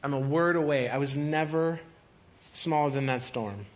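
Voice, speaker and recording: A young male pastor preaches in a relaxed, conversational way, drifting into stories and laughing as he tells them. His voice sits a little high for a man. He acts out other people's lines in his tales. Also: normal speed. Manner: casual storytelling, laughs often, acts out voices. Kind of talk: sermon.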